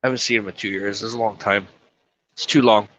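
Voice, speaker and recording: A man's voice: fairly low pitch, steady tone, fast talker, a bit bright, slight background noise. A man live-streaming from his truck cab, crying and sniffling as he talks emotionally, swearing and apologizing. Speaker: trucker livestreamer. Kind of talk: casual live-stream talk.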